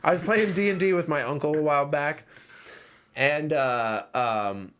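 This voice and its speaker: A young man hosting a podcast, telling a rambling, animated game story with frequent laughs and swearing. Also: fairly high pitch, measured pace, a little hiss or hum. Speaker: podcast host. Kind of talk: casual storytelling chat.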